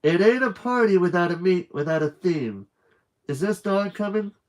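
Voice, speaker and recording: A man voicing a bossy, excitable little girl with a high chirpy voice. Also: normal speed.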